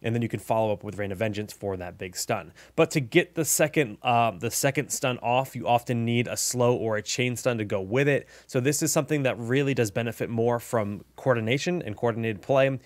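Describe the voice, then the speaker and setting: Upbeat male gaming host, chatty guide delivery, mid pitch, dry close recording. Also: a little fast, few pauses, no echo. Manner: upbeat, chatty, lots of fillers. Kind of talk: casual game news and strategy guide.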